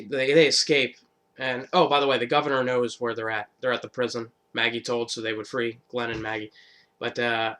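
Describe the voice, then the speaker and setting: A man with a mid-range pitch talking through a show recap off the cuff. He rambles, swears freely and leans on fillers as he goes. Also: bright, forceful tone. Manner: rambling, profane, lots of fillers. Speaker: vlogger. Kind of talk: casual TV episode recap.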